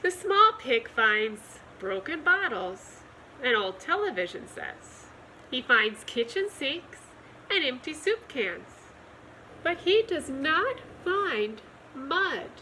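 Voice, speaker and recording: A woman reading a children's picture book aloud in a gentle, expressive storytime manner. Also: high-pitched, takes it slowly, a little hiss or hum, low-quality recording. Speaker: storytime reader.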